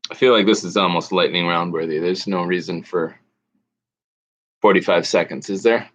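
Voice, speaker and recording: A man hosting an online trivia night, reading out questions slowly with pauses and fillers. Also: low voice, slight background noise. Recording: dull lo-fi audio.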